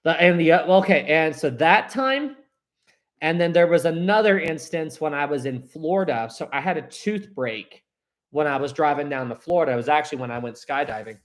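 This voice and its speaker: A young man talks through a casual live stream, reading out chat comments in a rambling, easygoing way. His voice sits a little on the high side, and he laughs often between thoughts. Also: expressive, brisk.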